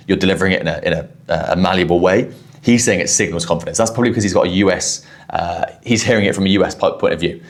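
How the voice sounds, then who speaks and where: A man with a southwest English accent talks through a podcast clip he recorded, breaking down what was said. His voice sits very low, and he speaks quickly and explains as he goes, often restarting his sentences. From southwest England. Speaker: podcast host reviewing a clip.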